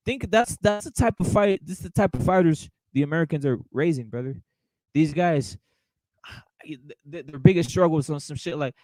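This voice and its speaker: On a low-quality recording with no echo, a boxing show host goes on a casual livestream rant full of swearing and repetition. His voice is fairly high-pitched and darkish, at normal speed. He's heated and keeps calling people "brother."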